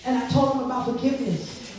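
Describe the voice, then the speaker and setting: A woman telling her testimony to an audience, expressive and repeating her words as she acts out what people said. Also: on the high side, fast talker. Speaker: speaker giving testimony. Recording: echoey room from far off with noise.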